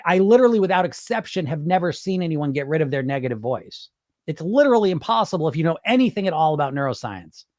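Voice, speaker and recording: A man's voice: fairly high pitch, dry recording, clean studio sound. A man hosting a weight loss podcast, coaching listeners in a casual, earnest and emphatic way and repeating phrases for stress. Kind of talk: casual coaching talk answering a listener question.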